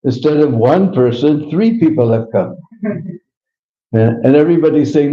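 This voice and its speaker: A man's voice: on the high side, lively intonation, moderate pace, long pauses. A man telling a devotional story in a chatty way, adding chuckles and questioning "hmm?" asides, in a roomy, slightly dull live recording. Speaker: devotional speaker.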